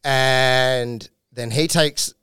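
A man's voice: medium pitch, extremely slow, smooth, no echo, studio quality. A man with an Australian accent telling a comedy-scene story on a podcast, swearing freely and acting out what people said. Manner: profane, animated, acts out quotes. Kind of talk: casual storytelling chat.

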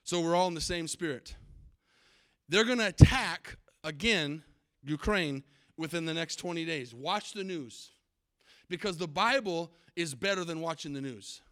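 A man preaching a sermon, emphatic, repeating key words and building to loud climaxes. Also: a little high, lively intonation, unhurried. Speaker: pastor.

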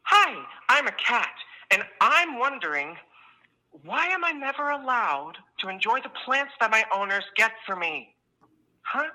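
A woman's voice: a little high, very animated, a little slow, sharp tone, full character voice, low-quality recording. A woman voicing a curious house cat calling in with a question, puzzled and slightly indignant.

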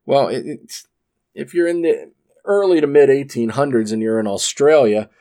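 This man's voice is mid-range and mellow, and he moves at a moderate pace as he casually reads an article into his desk mic. Rambling tangents keep interrupting him, along with frequent "uh"s and false starts.

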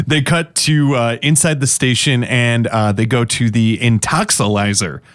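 A male podcast co-host talks through a TV episode with wry jokes. His voice sits at a middle pitch and sounds close and dry, with no room around it. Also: steady tone, unhurried, no room sound. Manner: wry, joking. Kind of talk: casual chat recapping a TV show.

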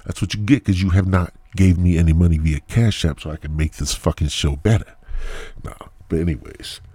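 A man's voice: sits low, fairly quick, mellow, husky, dry recording. A man hosting a podcast alone, talking in a profane, rambling comedic monologue that drifts into mumbled asides. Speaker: podcast host. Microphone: new headset mic.

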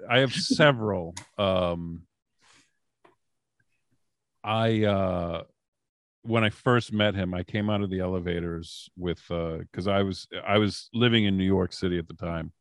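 A man's voice: sits low, unhurried, no echo. A man guest on a podcast telling casual stories in a rambling way, with many fillers and restarts. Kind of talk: casual storytelling.

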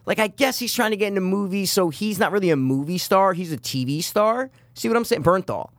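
A young man in casual banter with a friend, swearing a lot and breaking into shouts. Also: high-pitched, expressive, a little fast, dry recording. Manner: loud, swearing, bursts into shouts. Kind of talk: casual chat.

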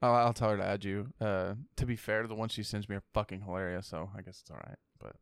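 A casual podcast co-host, a man who talks in an excitable, rambling way and swears often. His voice is smooth and clear, recorded dry and close with no room sound. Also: fairly low pitch, quick pace, no room sound. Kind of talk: casual chat. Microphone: headphones with mic.

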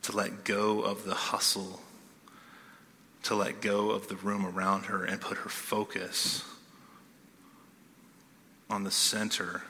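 A man preaching a sermon in a casual, animated way, often checking in with "okay?", in a church hall. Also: fairly low pitch, takes it slowly, pauses often. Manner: conversational, animated, keeps asking "okay?". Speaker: pastor.

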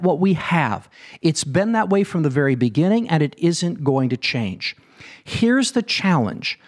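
A man giving a motivational talk, asking rhetorical questions and speaking straight to his listeners. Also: a little high. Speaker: self-help speaker.

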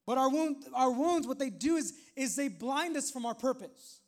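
A man's voice: extremely high pitch, animated, moderate pace. A male pastor preaching a sermon in a conversational way, with frequent asides to the congregation.

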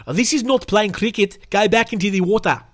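A man's voice: sits high, brisk, voice pushed up, lightly acted. A man putting on a South African accent to voice an affronted older picnicker. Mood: indignant. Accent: put-on South African.

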